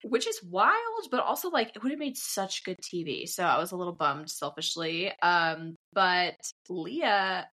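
A woman co-hosting a casual recap podcast, talking fast and slipping into high mocking voices when she quotes people. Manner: animated, jumps into high mock voices for quotes. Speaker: podcast co-host.

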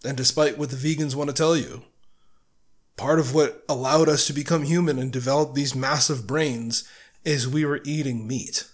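A man's voice: medium pitch, moderate pace. Blunt, profane man reviewing a book. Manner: asks the listener rhetorical questions. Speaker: podcast host. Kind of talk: casual solo book review.

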